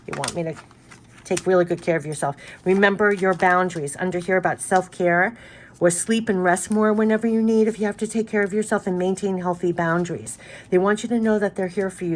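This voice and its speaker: A woman's voice: fairly low pitch, slight background noise. A woman giving a spiritual card reading, speaking in an earnest, effusive way and repeating her messages. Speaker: tarot card reader.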